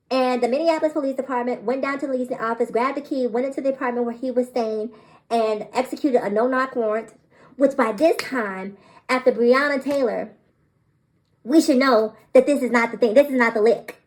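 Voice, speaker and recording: A woman vlogger talking straight to camera in an animated, incredulous way, repeating phrases for emphasis and laughing in disbelief. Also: high voice, poor audio. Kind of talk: direct-to-camera commentary.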